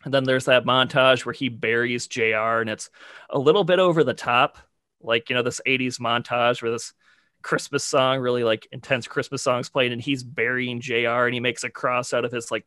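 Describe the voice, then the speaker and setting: A man's voice: medium pitch, steady tone, normal speed, pushed and bright, no room sound, clean studio sound. A man co-hosting a podcast, talking casually and rambling with lots of "like" and "you know". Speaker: podcast co-host. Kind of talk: casual chat.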